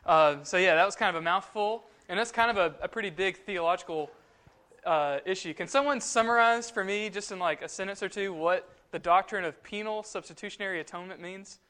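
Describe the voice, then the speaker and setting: A man with a fairly high voice teaches a Bible study group in a loose, chatty way, full of fillers and restarts. He sits well back from the mic, so he sounds distant. The room rings with a strong echo. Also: brisk, bright, forceful tone. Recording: very echoey room, mic far off.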